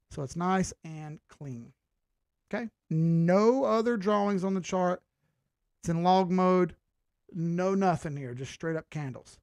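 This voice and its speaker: This crypto chart analyst hosts a live stream, guiding his audience through a chart with a joking, chatty ease and plenty of rhetorical questions. His male voice leans high, and the audio carries no echo.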